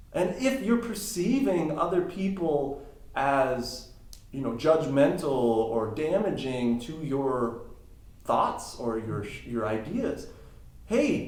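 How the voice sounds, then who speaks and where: A man talking as a guest on a podcast, a coach explaining ideas step by step with emphatic rises. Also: a little high. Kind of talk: casual interview talk. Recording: roomy echo.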